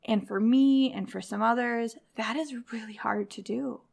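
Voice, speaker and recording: A woman's voice: fairly high pitch, unhurried, gravelly, darkish tone. A woman hosting a podcast for mothers, giving a direct, encouraging motivational talk in a conversational way. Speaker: podcast host.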